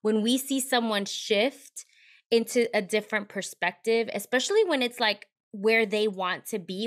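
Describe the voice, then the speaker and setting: A woman's voice: medium pitch, fairly bright tone. A woman co-hosting a podcast, talking in a casual, candid and reflective way, with frequent restarts. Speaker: podcast co-host.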